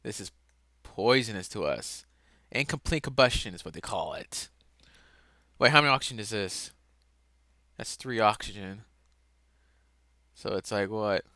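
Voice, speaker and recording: A man talks through a self-made lesson in a slow, unhurried way, his voice bright and forward. He wanders, second-guesses himself and now and then breaks out louder. The sound is close and dry, with no room around it. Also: lowish voice, expressive, dry recording. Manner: casual, self-correcting, laughs at own mistakes, sudden loud outbursts. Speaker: lesson presenter.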